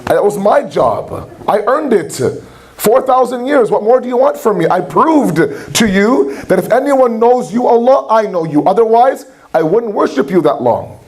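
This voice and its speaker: A man voicing a proud, aggrieved male devil who protests loudly that he earned his place. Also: fairly high pitch, animated, measured pace, pauses often, rough recording. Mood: indignant.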